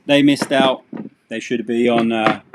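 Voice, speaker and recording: A man's voice: medium pitch, steady tone, a little slow, noisy background. A man teaching English on a live stream, chatty and rambling, with self-deprecating asides.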